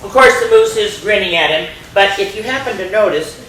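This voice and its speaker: An older woman reading a storybook aloud to children, animated and playful, hushing them now and then. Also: medium pitch, a little fast, crowd noise. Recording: echoey room, distant mic.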